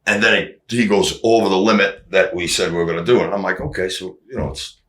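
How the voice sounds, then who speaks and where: A man, a drummer guest, telling stories in casual chat, animated, acting out what people said and swearing freely. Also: low voice, fast, reverberant. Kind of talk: casual storytelling.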